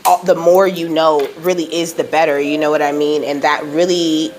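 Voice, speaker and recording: A woman hosting her own spiritual channel, talking casually and emotionally, filling every pause with "you know" and "okay?". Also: low voice, flat delivery, darkish tone, a little hiss or hum. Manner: rambling, says "you know" and "okay?" constantly, laughs often; emotional, close to tears at times. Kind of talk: casual spiritual vlog talk.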